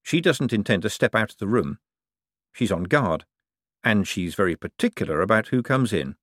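A man reading a novel aloud as audiobook narrator in a steady, dry storytelling manner. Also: fairly low pitch, normal speed, no room sound. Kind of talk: scripted narration.

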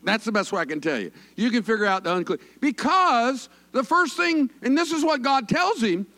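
Folksy preacher, high lively voice. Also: male voice, moderate pace. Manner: folksy, joking, animated with the congregation. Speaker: pastor. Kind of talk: conversational sermon.

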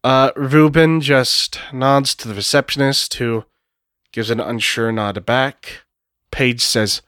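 A man's voice: medium pitch, steady tone, takes it slowly, a bit bright, clean tone, no echo, clean studio sound. A man narrating a solo tabletop role-playing game, thinking aloud in a casual way and swearing now and then. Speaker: game master.

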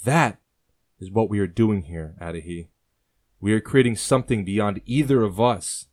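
A man's voice: on the low side, normal speed, a little mellow, natural voice. A man voicing an older male colonial rebel leader who speaks sternly and lectures with passion. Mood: grave.

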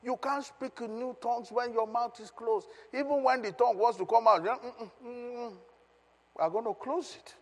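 A man's voice: very high-pitched, moderate pace, darkish tone, husky. A male pastor giving an emphatic Bible teaching, questioning his congregation as he reads scripture. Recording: long reverb of a hall.

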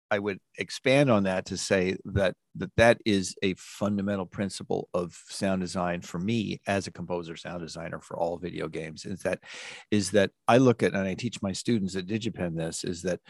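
A man's voice: sits low, no room sound, studio quality. A middle-aged man being interviewed about his work in music and sound design, telling stories casually and rambling, with many restarts and fillers.

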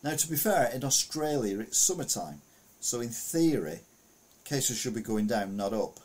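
A man's voice: medium pitch, big pitch swings, normal speed, a little mellow. A man casually reading news headlines aloud and adding rambling, self-correcting comments full of fillers.

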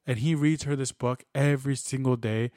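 A man's voice: medium pitch, steady tone, normal speed, mellow, no room sound, studio quality. Rambling man retelling a story. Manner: rambling storyteller, many restarts and acted-out dialogue. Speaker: podcast co-host. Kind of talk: casual chat.

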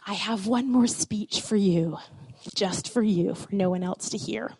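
A woman voicing a young groom who softly whispers loving words to his bride. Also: mid-range voice, takes it slowly, pitched below the performer's own voice. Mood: tender. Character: young groom, tender and adoring.

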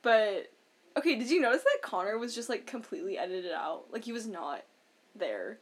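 A woman co-hosting a podcast, chatting casually about a reality show, full of "like" and quick laughs. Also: mid-range voice, very animated. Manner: chatty, lots of "like", laughs often. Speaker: podcast co-host.

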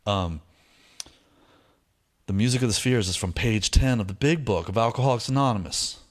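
Telling his own recovery story, this middle-aged man talks at a moderate pace in a lowish voice. His delivery is casual and full of slang, and he animates the people he quotes with lively voices.

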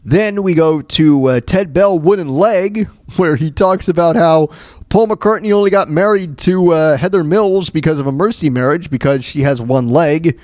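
A man's voice: fairly high pitch, normal speed, darkish tone, dry recording. A man hosting a radio show, casually recapping old comedy bits in a rambling way, with many fillers and chuckles.

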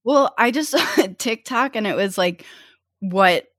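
Animated young woman with lively pitch. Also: measured pace, no echo, clean studio sound. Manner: animated storytelling, frequent laughter. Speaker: podcast co-host. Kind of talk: casual chat.

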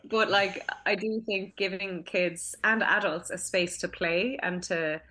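A woman's voice: mid-range voice, steady tone, unhurried, bright, forceful tone. A woman from Cork in her thirties with a Cork Irish accent, a filmmaker chatting at home in a casual interview, talkative, with frequent restarts and fillers. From Cork, Ireland. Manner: chatty, many restarts and fillers, laughs often. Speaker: filmmaker and acting school director.

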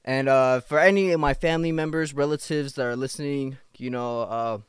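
A man's voice: mid-range voice, brisk, clean tone, no room sound, studio quality. A young man hosting a casual solo podcast late at night after work, tired, irritated and rambling with lots of swearing and restarts. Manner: rambling, profane, restless and agitated. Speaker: podcast host.

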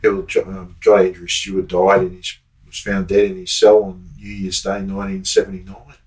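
A man's voice: low-pitched, completely flat delivery, a little fast, a little mellow, rough recording. A man with an Australian accent hosting an interview, asking brief questions and leading the talk. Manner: prompting, brief questions and links. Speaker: podcast host and crime tour guide. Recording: guitar music behind voice.

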